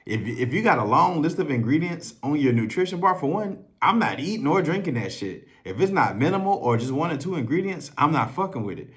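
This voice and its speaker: A man's voice: fairly high pitch, big pitch swings, brisk, hardly any pauses, fairly bright tone. A man in a casual, profane storytelling monologue, talking loosely and conversationally as a self-improvement coach. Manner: loose, profane and conversational, acting out others' voices.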